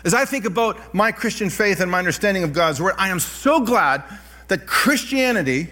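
A middle-aged man preaching a sermon, telling personal stories with animated delivery and self-deprecating laughs. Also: high-pitched, normal speed, faint music behind. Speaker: pastor.

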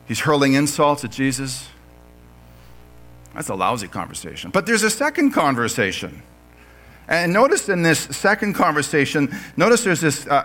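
A man's voice: a little high, a bit bright. A man preaching a sermon in church, reading scripture aloud and joking with his congregation. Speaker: pastor.

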